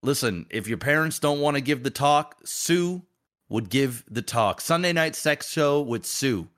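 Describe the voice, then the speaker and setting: A man's voice: medium pitch, expressive, measured pace, fairly bright tone. A man hosting a podcast, reading an ad and chatting in a loose, crude, rambling way. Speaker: podcast host. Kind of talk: casual chat and sponsor read.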